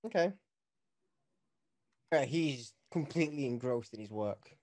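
A game master narrating a tabletop game over a video call in a slow, drawling way with fillers. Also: mid-range voice, darkish tone.

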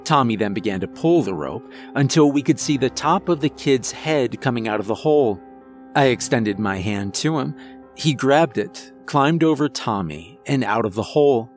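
A man narrating a first-person horror story in a measured, tense way, over faint music. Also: medium pitch, lively intonation.

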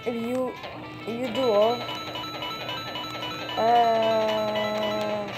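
Excitable woman narrating gameplay, game music behind. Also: a little high, takes it slowly, pauses often. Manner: chatty, bursts into excited shouts at the game. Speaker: gameplay commentator. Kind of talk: casual let's-play commentary. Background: video game music.

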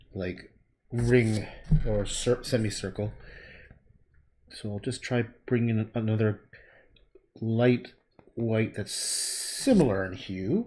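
A man's voice: medium pitch, mellow. A man painting on a livestream, thinking aloud in a rambling way, humming and murmuring to himself between sentences.

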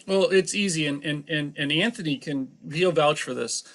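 A man's voice: a little high, moderate pace, fairly bright tone. A man who is an accountant and author, answering interview questions with emphatic, teasing explanations and everyday examples.

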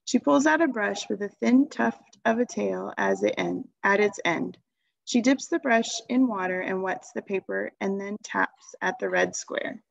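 A woman reading a children's novel aloud in a calm, even storytelling voice. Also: mid-range voice, a little slow, creaky, dull audio. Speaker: reader.

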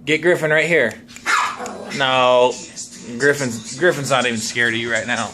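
A young man chatting casually in a home vlog, joking and talking to his pets in a high excited voice. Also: measured pace, noisy background. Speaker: vlogger.

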